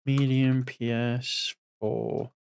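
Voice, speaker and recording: A man's voice: medium pitch, level tone, drawn-out words, vocal fry, a little mellow, clean tone, dry recording, studio quality. A man in his forties giving casual gaming commentary as a streamer, rambling and thinking aloud, a bit sleepy. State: sleepy, yawning.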